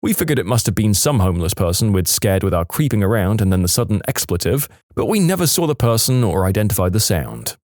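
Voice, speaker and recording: A man's voice: on the low side, sing-song, fast talker, hardly any pauses, darkish tone, no echo, clean studio sound. A man narrating reader-submitted stories in a dramatic storytelling manner, with wry asides. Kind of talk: scripted narration of reddit stories.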